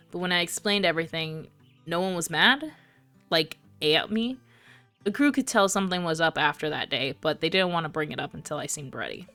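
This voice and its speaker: Young country-drawling man, earnest, halting, bright voice, as a woman puts him on, game. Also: low voice. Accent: put-on American country accent.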